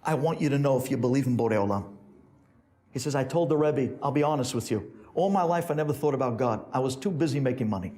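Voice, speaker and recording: A man's voice: fast, dark tone. A man, a rabbi, telling a sermon story and acting out each character's voice. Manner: acts out characters with big pitch swings.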